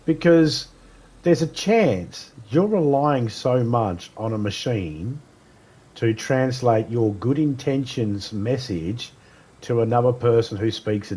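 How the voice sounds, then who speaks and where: A man's voice: medium pitch, a little mellow, breathy edge. A man streaming a video game live, chatting casually with slightly slurred speech, rambling through stories and laughing often. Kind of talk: casual chat while gaming live.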